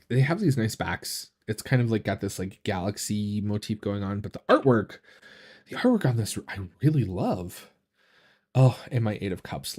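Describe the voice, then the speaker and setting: A man hosting a casual live stream, chatting in a relaxed, rambling way with many fillers and restarts, enthusiastic about what he shows. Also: fairly low pitch. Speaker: tarot reader and channel host.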